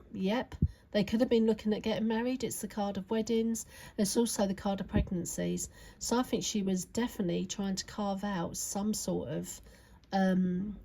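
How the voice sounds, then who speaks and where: A woman's voice: medium pitch, gravelly, warm tone, poor audio. A woman giving a casual, rambling tarot reading to camera, talking in a chatty way with many fillers and tag questions. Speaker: tarot reader.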